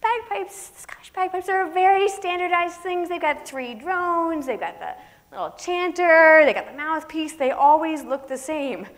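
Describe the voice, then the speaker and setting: A woman author telling funny stories on an opera house stage, lively and laughing, into a stage microphone. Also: extremely high pitch, normal speed. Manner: lively, laughing comic storyteller. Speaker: guest author. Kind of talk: onstage storytelling Q&A. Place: large opera house stage before audience. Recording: reverberant hall, faint noise.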